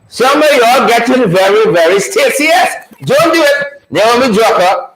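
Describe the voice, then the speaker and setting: A man's voice: high voice, very animated, slow pace, a bit bright, echoey room, poor audio. A man with a Guyanese accent hosting a live stream, greeting viewers by name in a playful way and laughing often. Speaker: livestream host.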